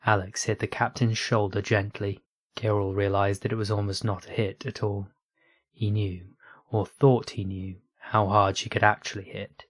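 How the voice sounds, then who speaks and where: Brief: male narrator, low, flat delivery, husky, dry close mic. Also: normal speed, no room sound. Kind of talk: audiobook reading of online fiction.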